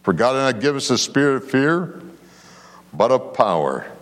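A man's voice: medium pitch, moderate pace, big-room sound. A man preaching a sermon as pastor, telling a story and calling for amens from the congregation. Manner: preaching with call-and-response amens, animated storytelling.

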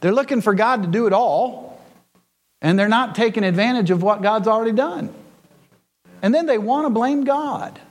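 A man's voice: high-pitched, moderate pace. A male pastor preaching a sermon in a church, with folksy storytelling and frequent repetition.

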